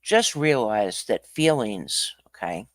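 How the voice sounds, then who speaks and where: A man hosting a livestream, talking casually in an animated, ranting way that swings from quiet to loud. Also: on the low side, slow pace, no echo. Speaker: livestream host.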